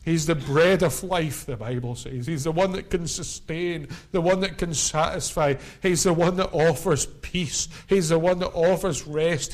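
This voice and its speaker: A man's voice: a little high, a little slow, hardly any pauses. A middle-aged man preaching an evangelistic sermon, building his points through impassioned, repetitive cadences.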